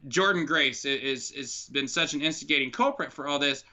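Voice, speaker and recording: A man's voice: medium pitch, fairly quick, sharp tone. A man from the United States co-hosting a podcast, ranting with frustration and plenty of swearing. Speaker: podcast co-host. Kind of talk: casual podcast chat. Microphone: online call mic.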